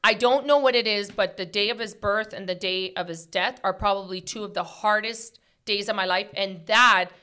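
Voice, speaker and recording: A woman's voice: mid-range voice, moderate pace, hardly any pauses, sharp tone, clear, resonant tone. A woman hosting a podcast, talking earnestly in a casual heart-to-heart chat, full of "like" and "right?" fillers. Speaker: podcast host.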